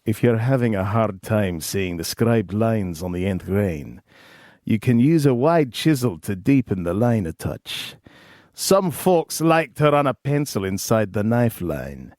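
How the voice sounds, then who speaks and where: A man calmly narrating woodworking instructions step by step. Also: fairly low pitch, unhurried, no room sound, clean studio sound.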